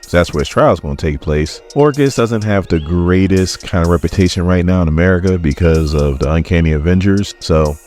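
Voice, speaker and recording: A man's voice: low-pitched, fairly quick, few pauses, a little mellow, soft background music. A man casually recapping a comic book, jokey and irreverent, with asides to viewers.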